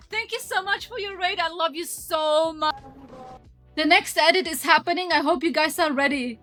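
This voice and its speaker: Excitable high-voiced woman streamer. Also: normal speed, faint music behind. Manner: excitable, breaks into high squeals. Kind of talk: casual stream chat over her recap edit.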